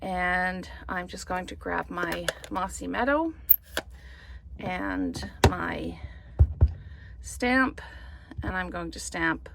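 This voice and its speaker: A woman's voice: lowish voice, sing-song, very slow, gravelly, long pauses, background noise. A woman chatting through a card-making tutorial, thinking aloud as she works. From Canada. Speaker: papercraft demonstrator.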